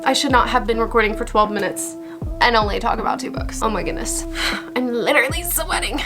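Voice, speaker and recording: A young woman vlogging her book reviews, gushing and emphatic, repeating herself in quick bursts as she recommends her favorites. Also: on the high side, steady tone, over music. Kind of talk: enthusiastic book review vlog.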